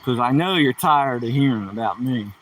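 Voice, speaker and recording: Rambling joke-telling man, bright voice. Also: medium pitch, animated, normal speed, distant mic, slight background noise. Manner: rambling, self-mocking joke teller. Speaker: livestream host. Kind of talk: casual joke-telling livestream.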